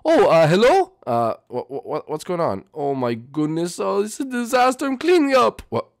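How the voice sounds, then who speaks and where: A man's voice: high voice, sing-song, normal speed, gravelly, pitched above the performer's own voice, exaggerated voice. A man voicing a flustered, short-tempered plumber who talks in a frantic, exasperated way. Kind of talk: Minecraft roleplay voice acting.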